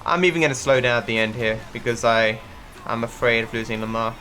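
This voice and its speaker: A male streamer from Australia talks in a middle-pitched voice with a blended accent that is hard to place. He rambles through casual livestream commentary, restarting sentences often and swearing freely. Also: brisk, pushed and bright, soft background music. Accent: mixed, not typically Australian.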